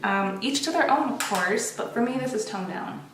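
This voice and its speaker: A woman's voice: on the high side, expressive, normal speed, roomy sound, noisy background. A young woman chatting candidly while getting ready, rambling with many restarts, recorded on a built-in camera mic. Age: young adult. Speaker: beauty vlogger. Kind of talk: casual get-ready-with-me chat.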